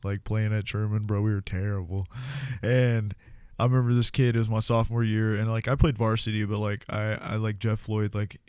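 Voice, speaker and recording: A man's voice: on the low side, level tone, fairly quick, a little mellow, clear, resonant tone, no room sound, clean studio sound. A young American man telling casual, profane stories, full of fillers and restarts. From United States. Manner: laid-back, profane, filler-heavy. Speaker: podcast guest, former Marine. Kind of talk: casual storytelling.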